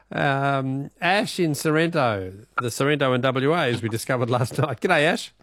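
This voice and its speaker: Playful Australian radio quiz host. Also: male voice, mid-range voice, lively intonation, measured pace, fairly bright tone, no room sound, clean studio sound. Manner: laughs often, playful teasing. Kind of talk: casual radio talk.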